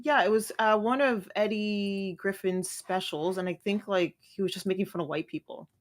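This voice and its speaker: Female panelist, mid pitch, giggly, lots of "like". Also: steady tone, moderate pace. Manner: giggly, filler-heavy. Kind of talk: casual panel chat.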